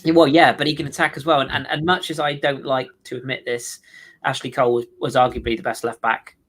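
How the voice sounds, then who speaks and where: A man's voice: medium pitch, level tone, brisk, fairly bright tone. A man co-hosting a football podcast, chatting casually and emphatically, often repeating himself. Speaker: podcast co-host.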